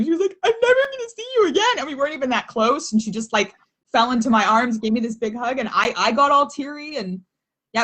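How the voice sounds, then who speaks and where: A woman's voice: on the high side, fairly bright tone. A woman in her thirties, a former child actor, chatting on a video call in a reflective way and laughing often. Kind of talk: casual video-call chat.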